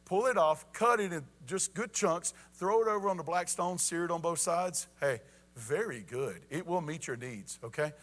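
A man's voice: fairly high pitch, normal speed, a bit bright. A man preaching a folksy evening sermon, often asking "you ready?" and saying "y'all".

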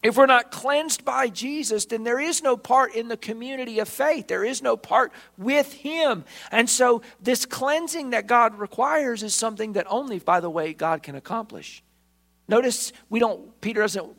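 Gravelly, high-voiced preaching man. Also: animated, moderate pace, a bit bright. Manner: emphatic preaching, acting out quoted voices. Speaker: pastor. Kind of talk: sermon.

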